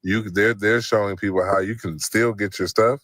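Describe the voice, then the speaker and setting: A man's voice: on the low side, steady tone, moderate pace, fairly bright tone, dry recording, studio quality. A man joining a live stream chat to explain something, repeating words as he goes. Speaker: guest on stream. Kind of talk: casual chat.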